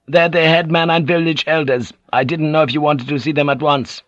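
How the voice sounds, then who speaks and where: A man voicing a gruff, hot-tempered samurai general who speaks bluntly and with urgency. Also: on the high side, fairly even intonation, brisk, dry recording, highs cut off, pitched above the performer's own voice, natural voice. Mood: dutiful.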